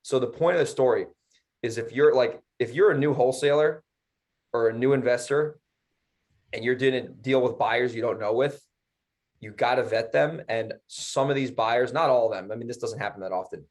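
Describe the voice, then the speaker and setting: A man's voice: mid-range voice, normal speed. A man co-hosting a podcast, telling a story in a heated, profane way and acting out both sides. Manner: heated, profane, mimicking others. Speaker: podcast co-host. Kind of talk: casual storytelling.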